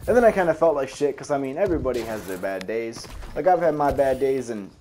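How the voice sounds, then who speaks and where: A young man tells a story in a casual, rambling way, restarting sentences and swearing freely. His voice sits at an ordinary middle pitch. A faint hiss of noise runs underneath. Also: expressive, quick pace, mellow. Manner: rambling, profane, self-correcting. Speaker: storyteller recounting a school memory.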